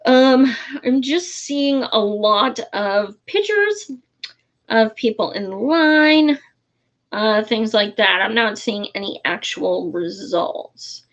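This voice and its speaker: A woman vlogging her political commentary, blunt and exasperated, swearing freely and filling pauses with "um." Her voice sits a bit high and she talks slowly. The audio is dull and muffled. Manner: frustrated, blunt, swears freely, many fillers. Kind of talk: casual vlog commentary.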